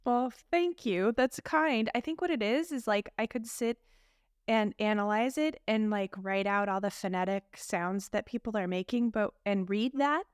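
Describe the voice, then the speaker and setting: A woman's voice: medium pitch, moderate pace, clear, resonant tone, dry recording, studio quality. A woman co-hosting a podcast and chatting casually, rambling and poking fun at herself with frequent laughs. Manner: rambling and self-deprecating, laughs often. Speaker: podcast co-host and voice teacher. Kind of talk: casual chat.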